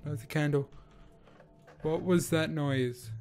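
A man's voice: a little high, steady tone, slow pace, a little mellow, faint music behind. Jittery young man playing a horror game. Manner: nervous, talking to himself, repeating questions. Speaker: gaming YouTuber. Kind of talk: horror game let's play commentary.

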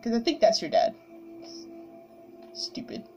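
A woman's voice: a little slow, muffled recording, over music. A woman chatting casually while playing a game, giggling, yawning and talking to the characters on screen. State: sleepy, yawning. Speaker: gamer. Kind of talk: casual gameplay commentary.

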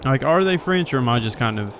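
A man's voice: medium pitch, lively intonation, fast talker, background noise. A man streaming a video game who rambles, swears freely and talks to himself. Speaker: gaming streamer. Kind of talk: let's play commentary. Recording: voice over loud game music.

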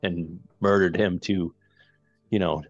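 A man's voice: sits low, fairly even intonation, slow pace, dry recording, highs cut off. A man hosting a movie podcast, chatting casually and recapping the plot with many fillers and restarts. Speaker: podcast host.

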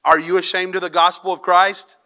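Bright-voiced male pastor preaching. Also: high voice, brisk. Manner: lively storytelling, puts on a panicked voice in the joke. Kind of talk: sermon with a joke and scripture reading. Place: church sanctuary with congregation.

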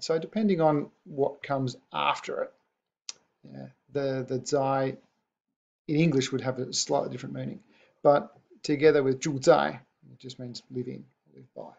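Gravelly man teaching a patient online lesson. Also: medium pitch, steady tone, darkish tone. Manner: patient, repeats new words slowly. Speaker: language teacher. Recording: dull lo-fi recording.

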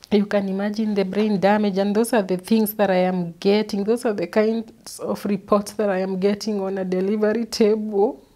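A woman, an interview guest, recounting a painful personal story in an earnest, halting way, often repeating words. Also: medium pitch, warm tone. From Kenya. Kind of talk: personal testimony.

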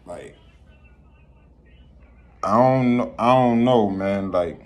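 A man's voice: lowish voice, slow pace. A man delivering a rambling spiritual rant to his viewers, preachy and profane, often repeating himself. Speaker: vlogger.

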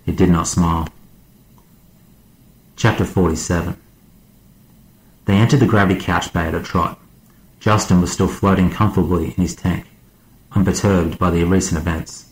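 A man narrating an audiobook as a guest reader, in a measured, steady way. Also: low voice, reverberant, poor audio.

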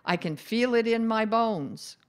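A woman voicing a bossy, cheerful female ghost who likes to meddle, in a brisk, upbeat way. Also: fairly high pitch, clear, resonant tone, pitched above the performer's own voice, lightly acted.

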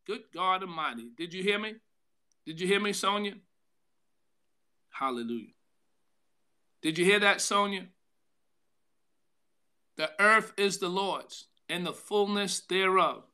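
Slow, high, bright-voiced man preaching. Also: clear, resonant tone. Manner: preaching with call-outs to listeners by name; slow, drawn-out delivery with sudden loud bursts. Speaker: pastor. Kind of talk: devotional sermon.

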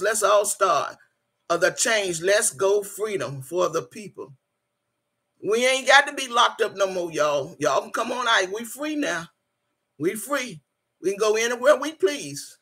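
A woman with a medium-pitched, fairly bright, slightly rough voice hosts a casual livestream, reading viewer comments aloud and laughing often. She calls the viewers "y'all" and urges them to like and subscribe.

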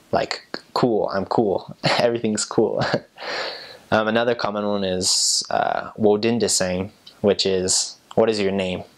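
Young american guy, deep low voice, halting casual explaining, laughs at himself a lot. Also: fairly bright tone. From United States. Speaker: interviewee.

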